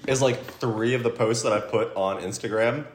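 A man co-hosting a podcast, chatting casually and telling wry stories with quick asides. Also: medium pitch. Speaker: podcast co-host, social media manager. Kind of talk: casual chat. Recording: roomy.

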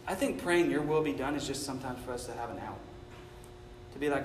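A man preaching a sermon, swinging from hushed, intimate asides to impassioned, shouted climaxes. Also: medium pitch, fast, a little hiss or hum. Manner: builds from quiet intimacy to shouted passion. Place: church sanctuary. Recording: echoey hall with long reverb.

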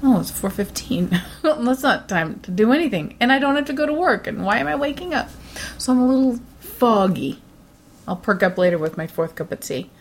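A woman co-hosting a podcast in casual chat, tired from poor sleep, chatty and quick to laugh. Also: a little high, expressive, a little hiss or hum. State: tired, yawning. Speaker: podcast co-host.

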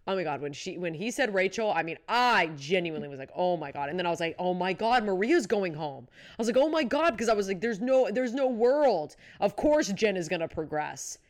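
A woman's voice: on the low side, lively intonation, brisk, hardly any pauses. A young woman co-hosting a casual chat podcast, retelling moments with dramatic exclamations. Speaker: podcast co-host.

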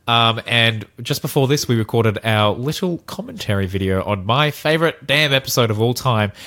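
An Australian man with a mid-range voice that swings widely in pitch as he gets excited. He co-hosts a casual podcast, reacting with eager exclamations. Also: moderate pace. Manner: enthusiastic, exclaiming. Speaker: podcast co-host.

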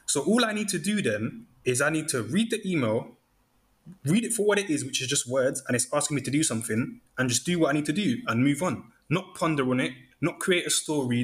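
Animated man in casual chat. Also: a little high, a little fast. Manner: animated, acts out inner thoughts in quoted asides.

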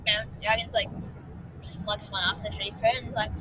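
A groggy woman co-hosting a casual family podcast with her son, animated and giggly with lots of ums. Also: medium pitch, brisk, noisy background. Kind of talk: casual family chat and storytelling.

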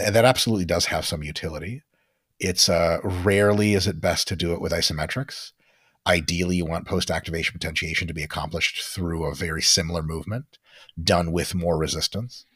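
A man speaking as a guest expert on a podcast, explaining training science bluntly and emphatically and sometimes swearing, in quick lecturing runs. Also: sits low, a bit bright, slightly rough, no echo, clean studio sound. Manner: blunt, emphatic, sprinkles in profanity. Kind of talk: podcast interview talk.

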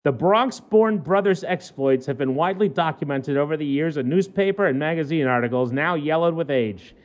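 On a casual talk show, a male co-host jokes his way through reading an odd news story aloud, tripping over words as he goes. His voice sits on the high side and sounds animated, at a moderate pace, with lo-fi audio.

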